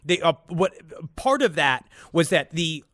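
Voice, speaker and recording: A man's voice: on the high side, sing-song, measured pace, a bit bright, no echo, clean studio sound. A man co-hosting a comedy podcast, rambling and correcting himself, with jokey asides. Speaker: podcast co-host. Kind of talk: casual comedic podcast chat.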